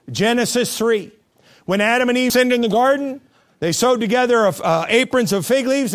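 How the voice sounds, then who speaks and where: A male pastor preaching an animated, humorous sermon, acting out quotes and cartoon voices. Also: very high-pitched.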